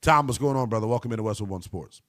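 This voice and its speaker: A man hosting a call-in sports radio show, talking to listeners in an emphatic, animated way. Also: on the low side, racing. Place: radio studio.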